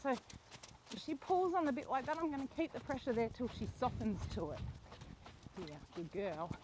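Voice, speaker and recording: A young woman riding and training a horse outdoors, explaining each step calmly and softly praising the horse. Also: high-pitched, slight background noise. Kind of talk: narrated riding lesson while training a horse. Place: outdoor rural riding arena.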